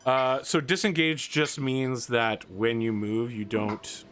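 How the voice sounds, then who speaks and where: A man's voice: mid-range voice, fairly even intonation, noisy background. A man narrating as game master in a casual tabletop game, explaining rules and describing actions with frequent fillers. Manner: describes actions in quick, halting bursts with fillers.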